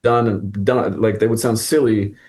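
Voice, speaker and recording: Relaxed man chatting. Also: lowish voice, normal speed. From Quebec. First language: French. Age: middle-aged. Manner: loose and animated, many fillers. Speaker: actor and acting teacher. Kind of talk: casual interview chat.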